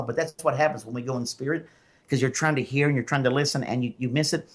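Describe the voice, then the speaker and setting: A man's voice: medium pitch, fairly even intonation, quick pace. Rambling Southern man hosting call-in radio. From Memphis, Tennessee. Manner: rambling storyteller with many fillers. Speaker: psychic medium radio host. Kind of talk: call-in radio show chat.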